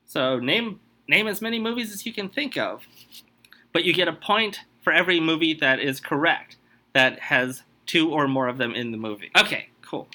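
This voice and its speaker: A man on a comedy podcast running a movie quiz game, talking in an animated way with exasperated outbursts. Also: on the high side, moderate pace.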